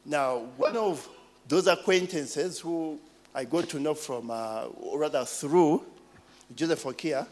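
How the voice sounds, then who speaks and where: A Ugandan man in his forties preaching, telling personal stories with lively asides and questions to the congregation. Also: on the high side, takes it slowly, slight background noise. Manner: animated storytelling, call-and-response asides.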